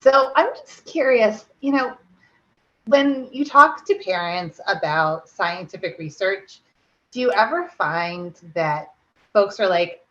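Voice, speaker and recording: A woman's voice: medium pitch, lively intonation, slow, a bit bright, muffled recording. A woman podcast host asking curious questions in a casual manner. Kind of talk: conversational podcast interview.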